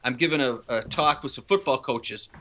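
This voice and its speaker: This man is a guest in a casual interview. He speaks with a very bright, cutting tone and carries his points with earnest, emphatic storytelling. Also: medium pitch, moderate pace. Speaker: author and youth coach, interview guest.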